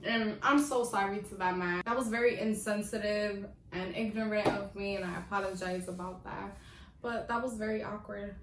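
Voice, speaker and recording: This medium-pitched young woman, a vlogger, spins casual stories in a slangy, animated way, laughing at herself along the way. She sounds distant in an echoey room, with a little hiss or hum in the audio.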